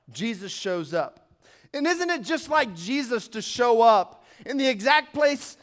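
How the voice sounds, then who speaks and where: A man preaching a sermon as pastor, acting out scenes from the Bible with rising emphasis. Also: high-pitched.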